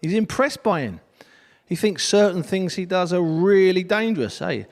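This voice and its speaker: A man's voice: high-pitched, animated, normal speed. A man presenting a radio boxing show, interviewing his guest in a friendly, bantering way.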